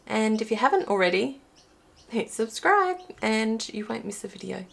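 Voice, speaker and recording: A woman's voice: a little high, sing-song, normal speed, vocal fry, fairly bright tone. A woman giving a pick-a-card reading to viewers, chatty and thinking aloud as she pulls cards while filming herself. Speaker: intuitive card reader. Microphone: filming herself while watching a small screen.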